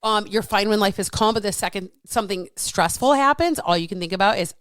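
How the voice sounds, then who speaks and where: A woman in her thirties or forties, a fitness coach talking casually and frankly, animated and swearing freely. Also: medium pitch, brisk, few pauses, no echo. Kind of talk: casual solo talk.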